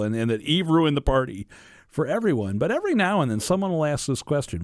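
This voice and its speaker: A man's voice: medium pitch, fast talker, no room sound. A man hosting a Catholic radio talk show, speaking in an earnest, reflective way on a studio microphone. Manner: earnest, reflective, animated storytelling. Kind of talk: conversational faith radio talk.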